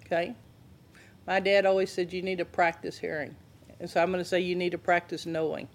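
A woman's voice: on the low side, little pitch movement, fairly quick. A woman giving a conversational Bible teaching and asking her listeners questions. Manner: conversational, asks the audience questions.

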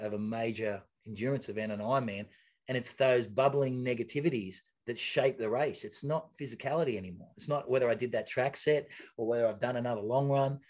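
A man, a former endurance athlete, being interviewed, telling stories bluntly with swearing and many restarts. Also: mid-range voice. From Australia. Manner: animated storyteller, blunt and swearing, lots of restarts. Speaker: guest, former Ironman triathlete. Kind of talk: casual interview chat.

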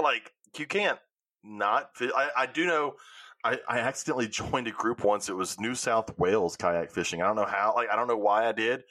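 A man, hosting a podcast and telling animated stories in casual chat. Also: fairly low pitch, no echo. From Louisiana. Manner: animated storytelling with swearing. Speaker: podcast host.

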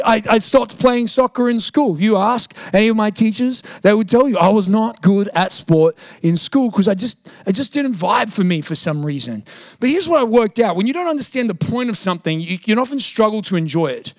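A man's voice: extremely high pitch, moderate pace, dry recording, clean studio sound. A man, preaching a sermon as pastor, telling a funny story animatedly and acting out the voices of others. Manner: animated, acts out quoted voices, jokey.

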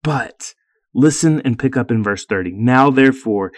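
A man reading scripture aloud at a deliberate pace, with brief plain asides explaining the passage. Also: medium pitch, no room sound.

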